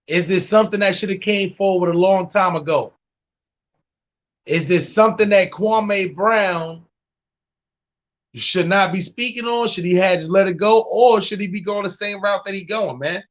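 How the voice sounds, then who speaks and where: High-voiced New York stream host. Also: male voice. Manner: laid-back, repeats "man". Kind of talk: live stream reaction sign-off.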